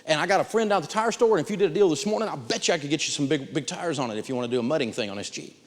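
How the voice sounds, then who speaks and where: A man voicing an eager, smooth-talking male car salesman in a story, talking fast. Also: a little high, in a large hall, lightly acted.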